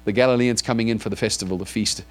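A man's voice: lowish voice, fairly even intonation, rapid-fire. A man preaching to his congregation in church, reading scripture aloud and then asking it probing questions. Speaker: pastor. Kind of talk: sermon.

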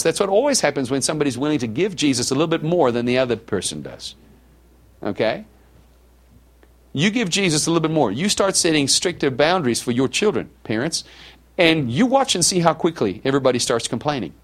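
A middle-aged male pastor delivering a sermon with a conversational, animated style. He questions his listeners directly and slips into softer, lower tones when he quotes other people. His voice sits in an ordinary middle pitch for a man. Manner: conversational preaching, asks the congregation questions.

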